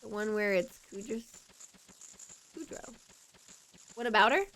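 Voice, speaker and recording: A woman's voice: mid-range voice, a little slow, a bit bright. A young woman streaming a video game, chatting casually and giggling as she reads the text aloud. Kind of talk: casual gameplay chat.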